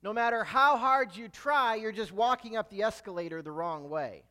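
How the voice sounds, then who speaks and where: High-voiced man preaching a sermon. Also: moderate pace. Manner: emphatic, rising loud on key words and dropping low at phrase ends. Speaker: pastor.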